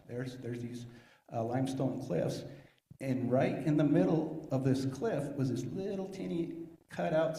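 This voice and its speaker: A man's voice: mid-range voice, a little mellow. Man telling a story in an echoey hall. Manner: laughing, self-deprecating storyteller. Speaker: panelist. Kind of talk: storytelling at a panel. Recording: echoey hall with long reverb.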